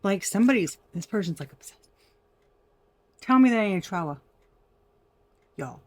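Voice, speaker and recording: A woman doing a casual tarot reading for viewers, chatty and quick to laugh. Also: mid-range voice, expressive, no room sound. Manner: chatty, laughing often, addresses viewers as y'all. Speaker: tarot reader.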